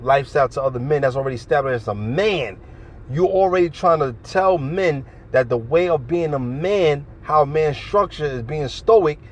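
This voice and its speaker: A man's voice: a little high, lo-fi sound. A man preaching bluntly and profanely outdoors on a city street, with traffic passing behind him. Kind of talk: open-air street preaching.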